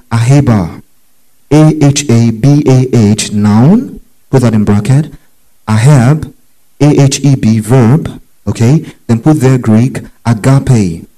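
A man's voice: medium pitch, dark tone, poor audio. A man teaching a Bible study, reading out scripture references in long lists, spelling out words and telling listeners what to underline. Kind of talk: dictated Bible study lesson.

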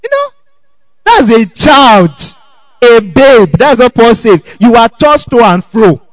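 A man preaching a sermon in an animated way, often checking in with the congregation and chuckling between points. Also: very high voice, slow, no room sound, low-quality recording. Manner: animated, keeps asking the congregation "okay?".

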